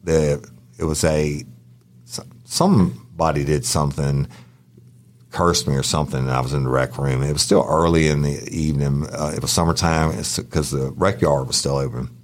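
A man, a podcast co-host and former prison guard, telling profane, animated stories in casual chat. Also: very deep voice, moderate pace. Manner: profane, animated anecdotes with acted-out quotes. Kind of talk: casual storytelling.

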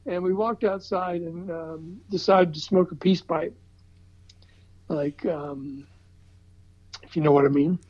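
An older man from the American South, telling an animated story in casual chat with chuckles and restarts. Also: a little high, slow, long pauses. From Southern United States. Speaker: record promotion veteran telling a story. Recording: slightly dull, muffled recording.

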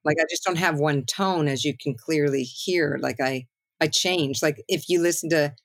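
A woman's voice: low voice, moderate pace, no echo. A middle-aged woman songwriter talking as a guest in a loose, rambling way, full of "you know" and "like". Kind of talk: casual interview chat.

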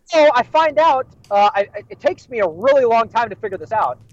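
A man's voice: very high voice, very animated, a little fast, dull audio. A man co-hosting a podcast, telling a story in casual chat and laughing often. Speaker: podcast co-host.

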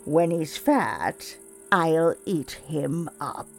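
A woman voicing a cruel old witch in a storybook reading, drawing her words out slowly and gloatingly. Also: deep voice, animated, faint music behind, full character voice. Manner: slow, drawn-out, gloating. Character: cruel old witch luring children, jeering.

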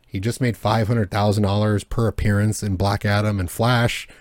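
Low-voiced man in rambling podcast chat. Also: level tone, moderate pace, no room sound, clean studio sound. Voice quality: swears freely, rambling with many fillers and restarts. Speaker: podcast co-host. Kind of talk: casual chat.

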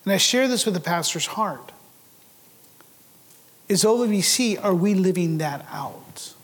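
A man's voice: sits high, lively intonation, measured pace, breathy edge. A man preaching a sermon as pastor, earnestly putting rhetorical questions to his congregation in a church sanctuary. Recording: long hall reverb.

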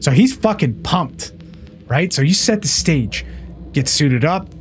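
Soft music plays behind a man whose voice is on the high side and a little slow. A paramedic, he casually tells a wild call story, cursing freely and acting out everyone's words.

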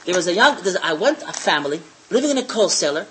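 A woman's voice: lowish voice, big pitch swings, fast, breathy edge, pitched below the performer's own voice, heavily acted. A woman voicing a rich man who scoffs at what he saw, incredulous and mocking. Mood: scoffing.

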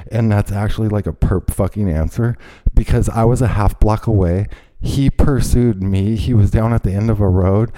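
A man telling a heated, profane story on a podcast, often shouting out what he said to people. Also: on the low side, moderate pace. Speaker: podcast host. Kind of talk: casual chat, storytelling.

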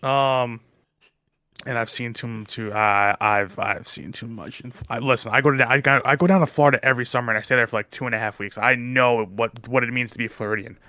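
A man's voice: mid-range voice, steady tone, a little fast, pushed and bright, no echo, clean studio sound. A young man co-hosting a casual podcast chat, rambling and restarting his sentences often. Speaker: podcast co-host.

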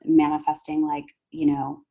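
A woman, a podcast guest telling stories in animated chat and acting out other people's lines. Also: sits low, moderate pace, husky, low-quality recording. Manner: animated, acts out others' voices, fillers and restarts. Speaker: podcast guest, manifesting coach. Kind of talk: casual storytelling chat.

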